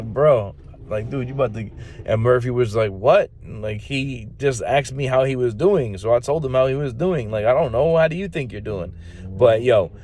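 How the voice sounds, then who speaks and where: A man's voice: fairly low pitch, darkish tone, a little hiss or hum. A man in his thirties, a Marine recruiter, talking casually and bluntly with profanity and slang. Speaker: podcast host, Marine recruiter. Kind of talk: casual chat.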